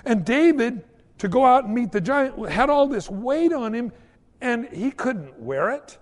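Lively, folksy preacher man in a hall. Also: very high-pitched, a little slow. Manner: animated, folksy storytelling with acted-out quotes. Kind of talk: sermon.

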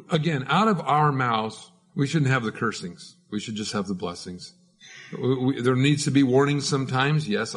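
A man's voice: mid-range voice, husky. A man preaching a conversational sermon as a pastor, informal and prone to repeating words.

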